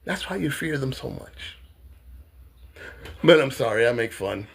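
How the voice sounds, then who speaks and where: A man's voice: medium pitch, expressive, unhurried, vocal fry, breathy edge. Fiery, profane American man ranting. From United States. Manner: heated, profane, swings from shouting to soft. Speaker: self-styled presidential candidate. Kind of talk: political rant vlog.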